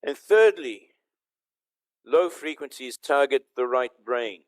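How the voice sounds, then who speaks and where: A man's voice: mid-range voice, animated, takes it slowly. An older man, a professor, giving an online conference lecture and explaining step by step while checking that listeners can hear him.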